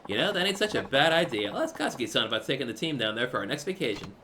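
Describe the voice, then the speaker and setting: A man voicing a cocky, brash young club manager in a game, loud and upbeat. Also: mid-range voice, big pitch swings, rapid-fire, a little hiss or hum.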